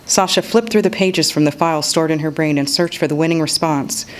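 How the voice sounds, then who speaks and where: A woman's voice: deep voice, fairly quick, rough recording. Woman reading her fiction aloud. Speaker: author reading her work. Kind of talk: reading a novel excerpt aloud.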